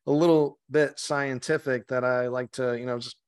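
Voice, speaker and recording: Man, medium pitch, casual podcast guest, meditation guide, swears freely, frequent restarts. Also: steady tone, normal speed, clear, resonant tone. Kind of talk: casual interview chat.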